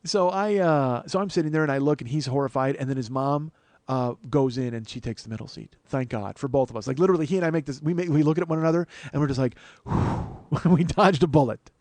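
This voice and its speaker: A man who is a comedian telling a story on his podcast, animated, profane and poking fun at himself. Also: medium pitch, fast talker, no echo. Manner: animated, profane, self-mocking. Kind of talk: comic storytelling.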